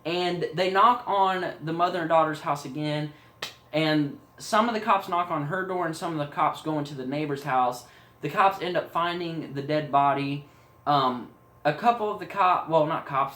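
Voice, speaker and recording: A man's voice: fairly high pitch, fairly bright tone. Rambling storyteller man, echoey room. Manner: rambling, with fillers and asides. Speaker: storyteller pitching a horror film idea. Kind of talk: casual spoken story retelling.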